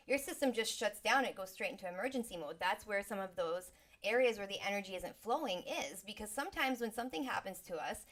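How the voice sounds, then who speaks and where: A woman, a sound healer, explaining energy and the mind in a relaxed, chatty teaching talk, now and then acting out inner voices with sighs and exclamations. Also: medium pitch.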